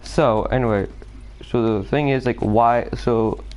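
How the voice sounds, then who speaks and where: A man's voice: medium pitch, fairly even intonation, unhurried, darkish tone, slight background noise. A man talking through a theory while playing a shooter game, hesitant and distracted, with many fillers and restarts. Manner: distracted, nervous, apologetic. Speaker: gaming video creator.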